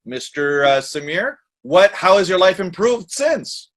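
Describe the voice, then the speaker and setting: A man's voice: high-pitched, sing-song, unhurried, fairly bright tone. A man speaking as an interview guest in a casual, scornful, mocking way.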